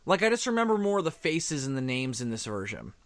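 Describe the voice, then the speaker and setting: A man's voice: mid-range voice, big pitch swings, quick pace, no room sound. A man co-hosting a casual movie commentary, chatty, reacting to the screen and swearing casually. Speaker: commentary co-host.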